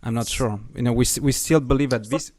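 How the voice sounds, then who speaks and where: A man's voice: mid-range voice, quick pace, dry recording. Friendly French-accented male host. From France. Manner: relaxed, friendly, hesitant. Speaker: podcast host. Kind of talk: conversational interview.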